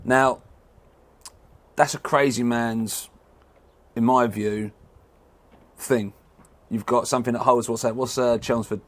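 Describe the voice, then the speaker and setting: A man hosting a podcast, asking questions in a casual interview and often putting in quick yeahs. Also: mid-range voice, steady tone. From England. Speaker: podcast host.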